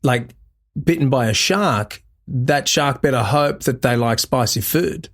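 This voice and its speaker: A man hosting a casual podcast, reacting with quick interjections and joking asides. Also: mid-range voice, a bit bright. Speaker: podcast host.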